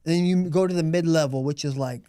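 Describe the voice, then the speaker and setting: A man's voice: on the high side, brisk, warm tone, smooth, no echo, clean studio sound. A man co-hosting a casual podcast, giving slangy, opinionated takes and saying "bro" a lot. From Los Angeles. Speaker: podcast co-host. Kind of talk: casual chat.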